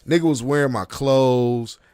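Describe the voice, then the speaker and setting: A man in his thirties hosts a casual podcast chat, spinning a long story with street slang and acting out the quotes. His voice sits at a middle pitch and is recorded dry and close to the mic. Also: measured pace, smooth, dry recording. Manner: animated, profane street slang, acts out quotes. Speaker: podcast host.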